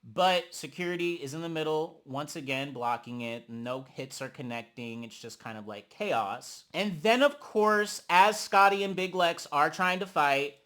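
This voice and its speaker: A man's voice: fairly high pitch, measured pace, hardly any pauses, sharp tone. A man giving a casual, sassy recap of a reality show. He calls the listener honey and acts out the quotes of the people he talks about. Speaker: reality TV reviewer.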